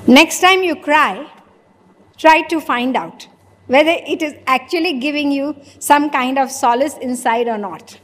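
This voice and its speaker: A woman's voice: high-pitched, measured pace. A woman giving a sermon, asking rhetorical questions and acting out imagined conversations. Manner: rhetorical, plays out imagined dialogues. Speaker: spiritual lecturer. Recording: long hall reverb.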